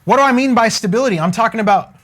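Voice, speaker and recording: A man with a high-pitched voice fires off wealth coaching rapidly during a live stream. Energetic and casual, he jokes, preaches a bit, and keeps calling on viewers to comment.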